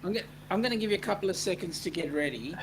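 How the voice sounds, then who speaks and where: An Australian man co-hosting a live stream, greeting chat viewers in a relaxed, chatty way with lots of fillers. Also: high-pitched, racing. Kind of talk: casual online chat. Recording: buzzing mic with background noise.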